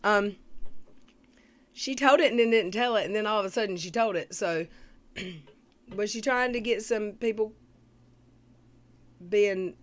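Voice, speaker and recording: A woman, hosting a casual commentary livestream, reading viewer comments aloud and often clearing her throat. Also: mid-range voice, unhurried, long pauses. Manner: chatty, greets viewers, reads comments aloud.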